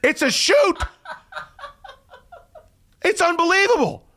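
A man hosting a podcast in casual chat, excitable and profane, often breaking into loud shouting. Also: very high voice, slow, slight background noise. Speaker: podcast host.

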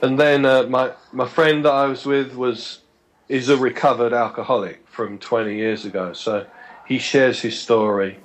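This podcast guest, a man with a middle-pitched voice, relates a long personal anecdote in a conversational, stop-and-start manner. He keeps restarting his words and briefly voices the people he's quoting, with fairly even intonation at a normal speed. The recording is low quality.

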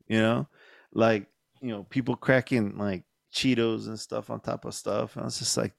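A middle-aged man hosting a casual podcast, telling animated, profane stories. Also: mid-range voice, moderate pace, gravelly, no room sound, studio quality. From Mexican-American. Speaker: podcast host. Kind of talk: casual chat.

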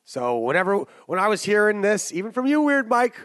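A man with a high voice talks through football picks on a podcast, brash and jokey, wandering off into asides. The sound is dry and close, with no room in it. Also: very animated, a little fast, a bit bright, no echo. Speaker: sports betting podcast co-host. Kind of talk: casual sports betting chat.

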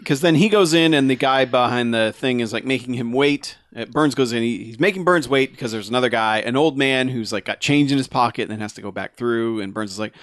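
A man's voice: mid-range voice, a bit bright, no room sound. Man recapping a movie, dry sound. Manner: retells scenes with quick acted-out quotes. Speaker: podcast co-host. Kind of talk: casual movie recap chat.

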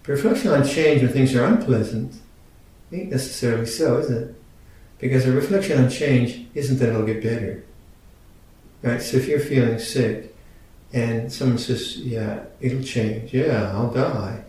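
Older male teacher in his 60s, mellow tone, unhurried dharma talk, picked up from far off in a big echoey room. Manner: unhurried, halting, gently humorous. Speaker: Buddhist teacher. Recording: very echoey room, mic at a distance, faint rumble.

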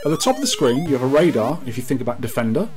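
A man's voice: mid-range voice, very animated, rapid-fire, music in the background. A man hosting a podcast, chatting casually and wryly, reading out specs with mock grandeur. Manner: playful, wry, reads out specs with mock grandeur. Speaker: podcast host. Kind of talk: casual podcast chat about retro games.

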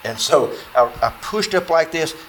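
A man telling a true outdoor story to an audience in a folksy, animated way, acting out dialogue with plenty of fillers. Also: a little high, moderate pace, a little hiss or hum, low-quality recording.

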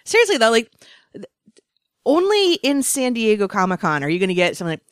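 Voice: mid-range voice, huge pitch swings, fairly quick, fairly bright tone, clean tone, no echo. A podcast co-host chats casually and swears now and then. The voice moves up and down a lot as it talks, and it sounds close and dry.

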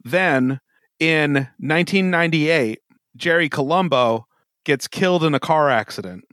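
A man's voice: fairly high pitch, unhurried, fairly bright tone, dry recording, studio quality. A tipsy man hosting a podcast, telling a crime story in a casual, swearing way and laughing often. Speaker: podcast host. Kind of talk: casual true-crime chat.

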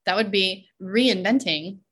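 A woman coach talking in a relaxed podcast conversation, often checking in with "right?" and laughing between points. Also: mid-range voice, measured pace, breathy edge.

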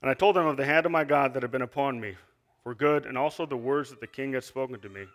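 A man's voice: medium pitch, quick pace, a bit bright. A man giving an earnest sermon, reading scripture and asking the listeners questions, with frequent restarts. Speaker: lay preacher.

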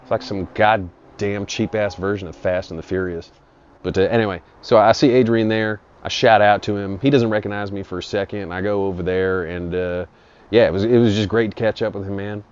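A man's voice: fairly low pitch, steady tone, fairly quick, a little mellow, smooth. A man telling a rambling, profane comic story in an improvised monologue. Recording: dull lo-fi audio.

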